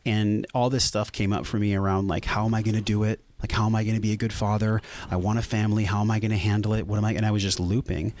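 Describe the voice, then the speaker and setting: A man's voice: fairly low pitch, little pitch movement, quick pace, few pauses, a little mellow. A man speaking as a podcast guest, earnest and intense, swearing for emphasis in emotional conversation.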